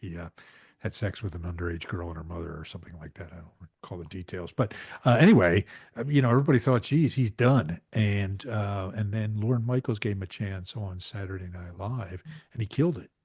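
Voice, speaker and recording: A low-pitched man co-hosting a podcast. He rambles casually and restarts his sentences, filling gaps as he goes. The recording is bone-dry and close to the mic. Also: brisk, a little mellow, husky, dry recording. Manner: rambling, many fillers and restarts. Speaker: podcast co-host.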